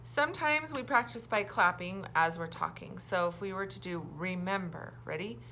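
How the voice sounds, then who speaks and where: A young woman teaching a phonics lesson to young children, talking in a cheerful, self-deprecating way and stretching out words slowly for them to repeat. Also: medium pitch, sharp tone, slight background noise.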